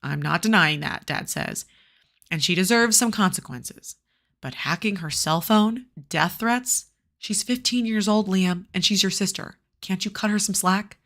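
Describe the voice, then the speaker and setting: A woman's voice: mid-range voice, measured pace, fairly bright tone. A woman reading a novel aloud to a class, breaking off into casual, chatty commentary full of fillers.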